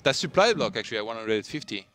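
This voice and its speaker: A young man from France, speaking English with a French accent, co-commentating and analysing an esports match in a relaxed way with dry jokes. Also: mid-range voice, quick pace, soft background music. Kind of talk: live game analysis, casual banter.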